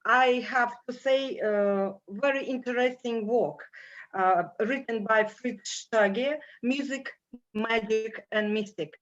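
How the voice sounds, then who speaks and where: On a video call panel, an older woman with a strong Russian accent and a fairly high voice speaks as a guest, slowly and haltingly with many fillers. The audio is dull and lo-fi.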